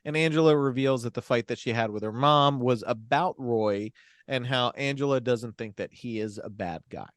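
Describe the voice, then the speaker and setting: A man's voice: mid-range voice, moderate pace, dry recording. A man co-hosting a casual film podcast, talking emphatically with swearing and laughs while recapping a plot. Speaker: podcast co-host.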